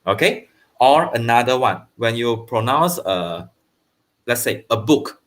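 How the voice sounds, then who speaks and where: Man teaching grammar with lively pitch. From Malaysia. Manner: explains slowly, checks understanding with frequent "okay"; switches into Mandarin for translations. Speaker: primary school English teacher. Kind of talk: online grammar lesson.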